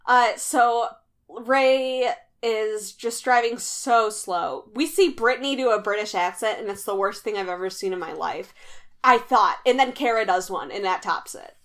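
A woman's voice: mid-range voice, a little slow, fairly bright tone. A young woman co-hosting a casual recap chat, blunt and chatty with easy laughs. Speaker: podcast co-host.

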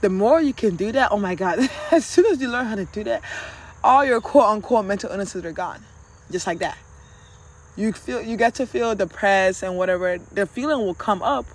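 A vlogger in a casual motivational talk, speaking candidly and conversationally, sometimes swearing and addressing listeners directly. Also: medium pitch. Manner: candid, conversational, with occasional profanity.

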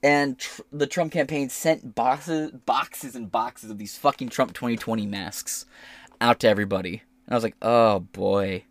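A man's voice: mid-range voice, fairly even intonation, moderate pace, no room sound. A male podcast host ranting in casual political commentary, heated and full of swearing. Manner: heated, profane rant.

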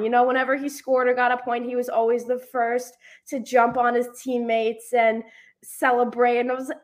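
A young woman co-hosting a casual podcast chat, telling animated stories and acting out what people said. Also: a little high, moderate pace. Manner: animated storyteller acting out quotes. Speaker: podcast co-host.

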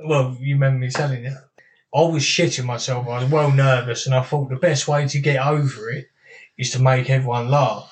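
A man's voice: medium pitch, steady tone, a little fast. A man telling stories in a casual chat, swearing freely and laughing as he goes. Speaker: guest, former boxer.

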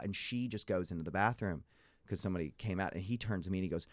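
A man chatting casually, telling animated stories with many fillers. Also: low voice, very fast, dry recording, studio quality. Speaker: guest. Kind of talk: casual conversation.

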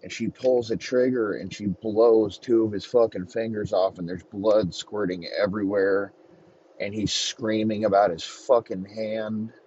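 A man narrates a crude comic tale slowly and flatly, his voice sitting on the low side. The recording is dull and lo-fi with a faint background hum. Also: husky. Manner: profane, deadpan narration. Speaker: comedy podcast host. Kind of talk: improvised comic storytelling. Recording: muffled lo-fi recording.

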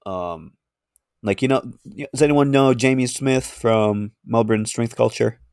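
A man's voice: mid-range voice, measured pace, darkish tone, clean tone, no room sound, clean studio sound. A man co-hosting a podcast in casual chat, speaking hesitantly with many fillers. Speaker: podcast co-host.

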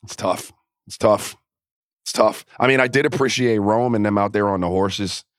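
A man's voice: lowish voice, moderate pace, dry recording, clean studio sound. A man co-hosting a sports podcast, talking in a laid-back, slangy casual way. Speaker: podcast co-host. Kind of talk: casual chat.

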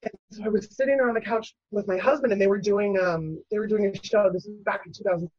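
A woman telling a personal story as a guest, animated and full of fillers, acting out other people's voices. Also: mid-range voice, quick pace, breathy edge, no room sound, lo-fi sound. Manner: animated, acts out quoted voices, many fillers.

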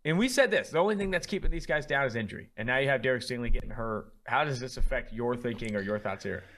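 A man co-hosting a sports podcast, chatting loosely and excitably and swearing casually. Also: medium pitch, quick pace. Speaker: podcast co-host.

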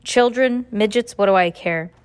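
Rude male mill foreman, voiced by a woman, barking, loud, slow, storybook reading. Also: medium pitch, smooth, close to an everyday voice. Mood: scornful.

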